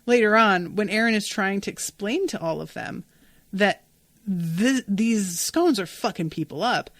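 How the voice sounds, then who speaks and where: A woman's voice: medium pitch, lively intonation, a little slow, no echo. A woman hosting a podcast and recapping a TV episode in a casual, gushing way, and she swears freely. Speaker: podcast host.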